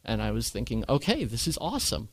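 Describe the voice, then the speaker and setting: A man candidly recounting a hard experience in conversation, earnest and animated when he quotes others. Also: mid-range voice, quick pace, gravelly, slight background noise. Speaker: guest sharing his cancer story.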